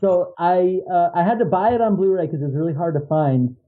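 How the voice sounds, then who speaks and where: A man's voice: high-pitched, brisk. A man chatting casually as a podcast guest, rambling and enthusiastic. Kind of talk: casual chat. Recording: tinny phone-like line.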